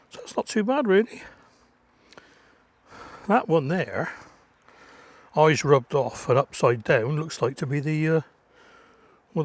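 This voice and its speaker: A man's voice: a little high, no room sound. A man chatting casually as he works on his allotment, muttering asides as he goes. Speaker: allotment gardener vlogger. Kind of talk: casual chat while gardening. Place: outdoors at an allotment plot.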